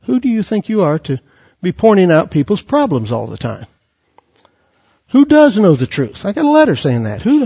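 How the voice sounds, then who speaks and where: A man delivers a fiery sermon in a high, husky voice that leaps around in pitch. He quotes scripture and presses his listeners with rhetorical questions. The recording is dull and lo-fi. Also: darkish tone. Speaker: preacher.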